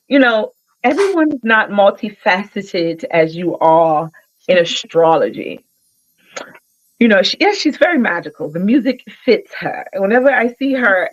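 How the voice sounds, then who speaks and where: A woman's voice: mid-range voice, lo-fi sound. A woman hosting a casual live stream, hyping up her guest and repeating her points for emphasis. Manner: hype, warm-up, repeats herself for emphasis. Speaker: host.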